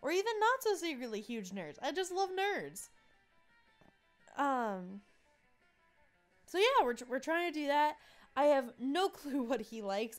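A young woman with a fairly high voice chats through a video game in a giggly, easygoing way. Light music plays behind her. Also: big pitch swings, a little slow, long pauses. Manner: giggly and chatty. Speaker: gaming channel host. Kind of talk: casual let's play commentary.

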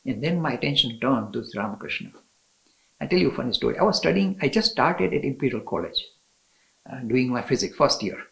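A man's voice: mid-range voice, big pitch swings, fairly quick, gravelly, fairly bright tone, low-quality recording. A man telling spiritual stories as an interview guest, enthusiastic, often laughing and restarting his sentences. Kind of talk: storytelling in a conversation.

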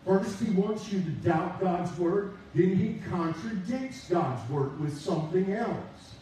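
Slow, high-voiced male preacher. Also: mellow, a little hiss or hum. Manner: call-and-response preaching, drawn-out emphasis. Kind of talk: sermon. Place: church sanctuary. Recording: echoey church from a distance.

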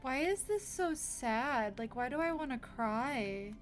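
A woman's voice: high-pitched, lively intonation, takes it slowly. A woman streaming a game live, thinking aloud with wonder and gasping when startled. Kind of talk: casual live gameplay reaction. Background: game music.

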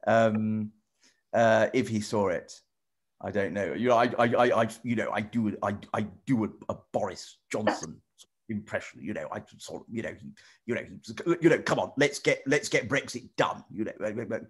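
A middle-aged man chatting casually with children over a video call, rambling and halting with lots of restarts. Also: fairly low pitch, husky. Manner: rambling, halting, full of restarts and "you know". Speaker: celebrity guest answering children's questions. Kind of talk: casual friendly chat with children.

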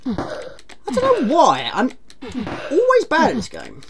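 A woman's voice: high voice, wildly swooping pitch, slow, noisy background. A woman streaming a retro game, chatting casually, teasing herself and greeting viewers from chat. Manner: chatty, self-mocking, reads chat aloud.

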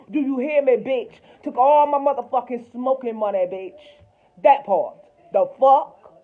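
A man venting in a heated, profane rant to his viewers, repeating insults and preaching at them. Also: very high voice. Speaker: vlogger. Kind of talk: angry profane rant to camera. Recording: tinny phone-like recording.

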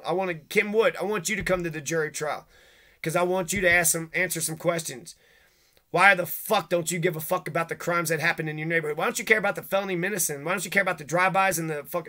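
A man's voice: on the high side, steady tone, fast, sharp tone. A man ranting angrily to camera, swearing constantly and accusing people one after another. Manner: agitated, profane, accusatory. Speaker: vlogger. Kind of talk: angry rant to camera.

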